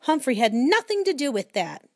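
A blunt, indignant husband in a children's storybook, as a woman reading aloud puts him on. He speaks up louder than the narration, in a dry, close sound. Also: sits high, big pitch swings, moderate pace, dry recording, voice pushed up, heavily acted. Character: older husband, a gruff retired man.

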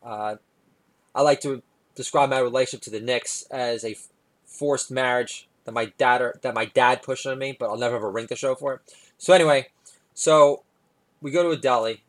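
Wry New man telling stand-up stories. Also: steady tone. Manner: wry, quick asides, mimics his daughter in a higher voice. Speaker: stand-up comedian. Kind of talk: stand-up storytelling.

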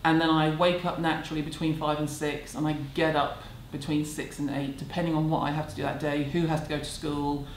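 A woman's voice: low voice, little pitch movement, fairly quick, hardly any pauses. A woman, answering viewer questions at home in a candid, chatty, self-deprecating way. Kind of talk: casual chat. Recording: echoey room, faint background hum.

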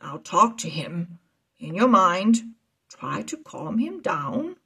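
A woman voicing a calm, wise old wizard in a children's read-aloud story. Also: fairly low pitch, slow, creaky, breathy edge, full character voice. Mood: urging.

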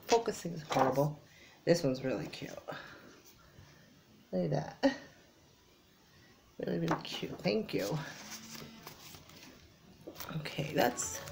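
Woman, low-energy crafting vlogger, lowish gravelly voice, soft-spoken. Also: a little hiss or hum. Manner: soft, low-energy, often drops to a whisper. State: tired. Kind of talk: casual unboxing chat.

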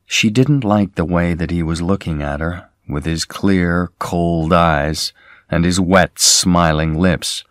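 Slow, deliberate male story narrator. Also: deep voice, dry recording, studio quality. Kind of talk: slow graded-reader narration for learners.

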